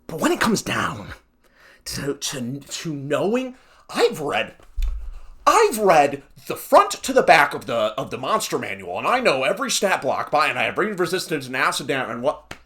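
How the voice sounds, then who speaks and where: A man's voice: a little high, huge pitch swings, moderate pace, fairly bright tone, husky. A young man hosting a solo podcast, ranting in a heated, exasperated way with sarcastic asides. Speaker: podcast host.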